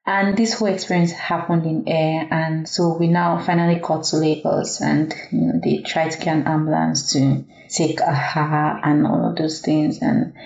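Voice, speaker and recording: Low-voiced woman in an echoey room. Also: little pitch movement, normal speed, vocal fry, few pauses, darkish tone. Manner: earnest, reflective, with frequent fillers. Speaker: guest; doctor. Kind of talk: personal storytelling in conversation. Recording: echoey room, dull lo-fi sound.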